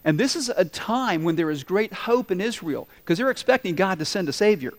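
High-voiced man preaching in a reverberant hall. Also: expressive. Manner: dramatic pauses and voiced quotes. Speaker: pastor. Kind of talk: sermon.

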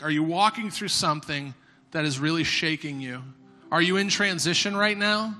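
A man preaching a sermon as a pastor in a church, impassioned, swinging between hushed pleading and shouting. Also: on the high side, moderate pace. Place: church sanctuary. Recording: reverberant hall with music behind.

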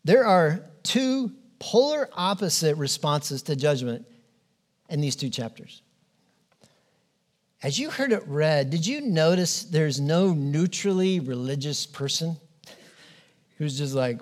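A man preaching a sermon as pastor, earnest and emphatic, pausing often and restarting phrases. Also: a little high. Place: church.

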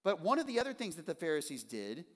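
A man preaching an expository sermon in an earnest way, slowing down and repeating his key phrases. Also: a little high, huge pitch swings, long reverb tail. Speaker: pastor.

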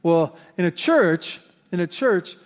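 With a high, expressive voice and a slow pace, this man preaches as pastor in a church sanctuary. His style is conversational, and he repeats words as he corrects himself. The audio carries a long hall reverb.

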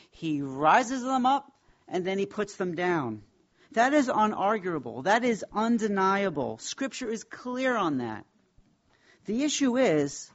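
A man teaching a Bible class, speaking in an emphatic, reverent way and slowing down to stress key words. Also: high-pitched, a bit bright, highs cut off.

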